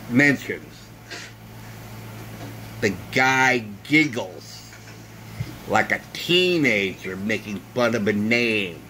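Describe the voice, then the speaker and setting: A man's voice: medium pitch, pushed and bright, a little hiss or hum, rough recording. A man vlogging in an indignant, repetitive monologue that keeps circling back to the same points. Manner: indignant, repetitive, drawn-out phrasing. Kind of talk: ranting monologue.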